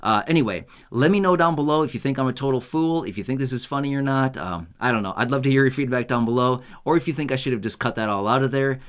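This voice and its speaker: A man's voice: mid-range voice, fast talker, hardly any pauses, clean tone. A young man from the United States, hosting a casual unscripted video in a rambling, self-mocking way and laughing often. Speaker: YouTube host.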